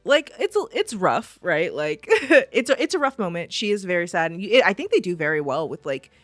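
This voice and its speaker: A woman's voice: fairly low pitch, big pitch swings, fairly quick, no room sound, faint music behind. A woman co-hosting a podcast in casual chat. She talks animatedly, laughs often and acts out quotes. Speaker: podcast co-host.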